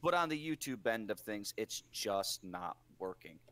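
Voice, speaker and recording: A man co-hosting a casual podcast, animated and opinionated, fond of rhetorical questions. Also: fairly low pitch, measured pace, dry recording.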